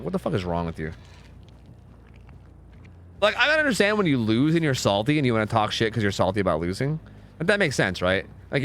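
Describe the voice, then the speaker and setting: Profane, animated male gaming streamer. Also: medium pitch, slight background noise. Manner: profane, ranting, chatty with viewers. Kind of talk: casual live-stream commentary.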